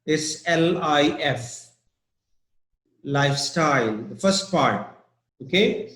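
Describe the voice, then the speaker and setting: A man teaching English vocabulary, slowly repeating each word over and over for his students. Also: fairly high pitch, expressive, a bit bright, echoey room, low-quality recording. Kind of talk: online vocabulary lesson.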